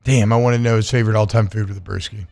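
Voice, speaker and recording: A man co-hosting a sports radio show, chatting loosely and joking, then reading a sponsor ad with quick repeats. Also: lowish voice, fairly even intonation, gravelly, a little mellow, soft background music. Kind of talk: casual radio chat and live ad read.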